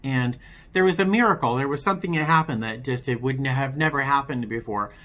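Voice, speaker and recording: Bright-voiced man, halting testimony. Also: mid-range voice. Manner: halting, with frequent restarts; candid, wry storytelling. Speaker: vlogger telling his recovery story. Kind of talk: personal testimony vlog.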